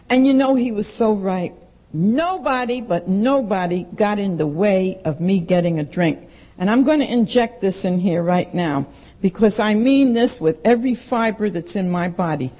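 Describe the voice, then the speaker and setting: A woman's voice: medium pitch, animated, moderate pace, darkish tone, low-quality recording. A woman giving a blunt, emphatic personal testimony to a recovery meeting and repeating lines for stress.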